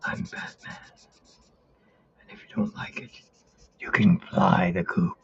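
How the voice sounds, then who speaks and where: A man putting on Batman's gravelly growl. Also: deep voice, huge pitch swings, dull audio, noisy background, pitched below the performer's own voice, exaggerated voice. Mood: gruff. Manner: slow, strained, whispery growl. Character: grim gravel-voiced male caped vigilante.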